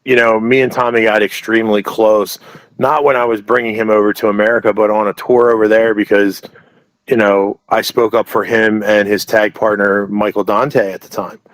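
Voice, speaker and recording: A man's voice: lowish voice, flat delivery, normal speed, dry recording, low-quality recording. A man who owns a wrestling promotion, telling stories as an interview guest in a rambling way, full of restarts and asides. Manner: rambling, many restarts and "you know" asides. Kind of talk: casual interview storytelling.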